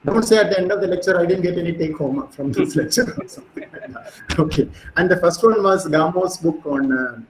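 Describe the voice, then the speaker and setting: A middle-aged man giving a physics lecture, animated and storytelling, with frequent fillers. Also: fairly high pitch, reverberant, a little hiss or hum, poor audio.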